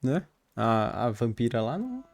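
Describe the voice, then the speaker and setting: A man's voice: medium pitch, very animated, normal speed, gravelly, darkish tone. A man with a Brazilian Portuguese accent giving casual, chatty gameplay commentary as a streamer, thinking aloud. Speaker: gaming streamer.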